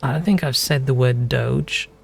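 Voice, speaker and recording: Gravelly man streaming games. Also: mid-range voice, moderate pace, darkish tone, slight background noise. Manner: musing, chatty, wanders off on tangents. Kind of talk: casual gameplay commentary.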